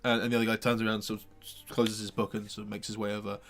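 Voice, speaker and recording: A man's voice: fairly low pitch, level tone, very fast, a bit bright, soft background music. A man running a tabletop game as game master, narrating scenes in a rambling way with lots of restarts. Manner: rambling, full of fillers and restarts.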